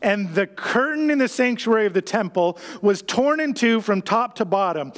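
A man preaching a sermon in an earnest way, reading scripture aloud, with some restarts. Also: high-pitched. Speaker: pastor.

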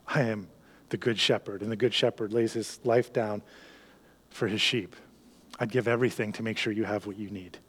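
A man preaching a sermon in an earnest way, often dropping to a soft hush on key lines. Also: lowish voice, fairly even intonation, moderate pace, breathy edge. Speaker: pastor.

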